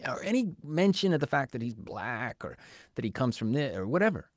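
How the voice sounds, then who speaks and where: A man's voice: mid-range voice, big pitch swings, fairly quick, dry recording, studio quality. A man co-hosting a podcast in casual conversation, talking animatedly in a rant and acting out the voices of people he quotes. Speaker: podcast co-host.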